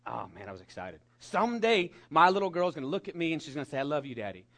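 A middle-aged man preaching a sermon to young people, animated and emphatic, dropping at times to a soft whisper. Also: on the high side, quick pace. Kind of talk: sermon to a youth congregation.

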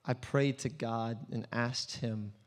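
A man playing a blind beggar tells his story in a slow, earnest monologue. His mid-pitched voice drops to a hush, then swells loud, and the church hall rings with a long reverb behind him. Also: fairly even intonation. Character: blind male beggar, adult, earnest and desperate. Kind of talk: dramatic first-person monologue.

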